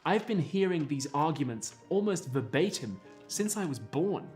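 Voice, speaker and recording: Man, scripted essay narration, lively rising and falling voice, slightly high, faint music underneath. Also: normal speed. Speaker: video essayist.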